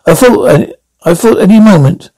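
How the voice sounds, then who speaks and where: A young male companion, read by a man, stumbles and hesitates over his words. The voice is high and recorded dry and close. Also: lively intonation, vocal fry, dark tone, no room sound, exaggerated voice. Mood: shaken. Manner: halting, hesitant.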